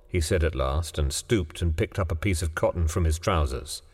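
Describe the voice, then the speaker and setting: A man narrating a ghost story in a measured, dramatic storytelling manner. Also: extremely low pitch, animated. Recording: long hall reverb, faint music.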